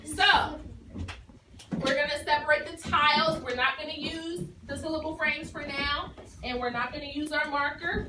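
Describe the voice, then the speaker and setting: A woman teacher giving a phonics lesson to a class, explaining patiently and encouragingly. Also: high-pitched. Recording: echoey room from far off with noise.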